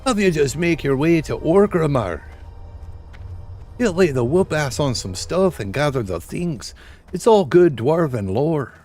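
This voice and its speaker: A man's voice: a little high, expressive, unhurried, darkish tone, faint music behind, pitched above the performer's own voice. A man putting on a jolly male dwarf voice in an exaggerated mock brogue. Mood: hearty. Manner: hammy mock-brogue impression. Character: stereotyped jolly male dwarf asking for brew.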